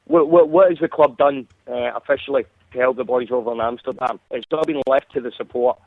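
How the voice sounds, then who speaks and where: A man's voice: mid-range voice, fairly quick, no room sound. A man calling in to a phone-in show, easygoing and matey, swearing casually. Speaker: caller. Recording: tinny dry phone line.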